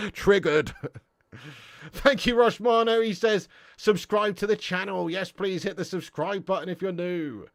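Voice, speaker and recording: A young English man hosts a football live stream, reading out chat and trading cheeky, swear-laced banter with viewers. His voice sits a touch high and sounds dry and close to the mic. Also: measured pace, dry recording. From England. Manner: banter-heavy, swears freely, laughs often, slangy.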